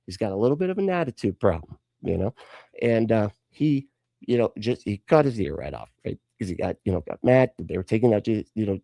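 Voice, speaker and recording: A man's voice: on the low side, very animated, brisk, gravelly, mellow, no echo. A man rambling through a comic drunken retelling of a story, interrupting himself often. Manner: rambling, self-interrupting, tipsy. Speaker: podcast co-host.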